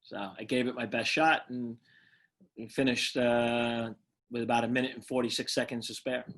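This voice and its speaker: A man's voice: medium pitch, flat delivery, normal speed, fairly bright tone. Guest, middle-aged New York man, casual storyteller who restarts and repeats himself. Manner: repeats words and restarts often, laughs easily. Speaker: guest, retired firefighter and motivational speaker.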